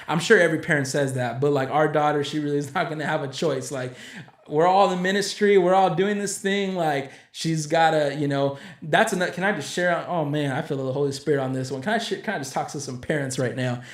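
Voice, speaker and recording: A young man with a fairly high voice hosts a church podcast, rambling and preachy as he chats. His voice rings around an echoey room. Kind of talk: casual chat.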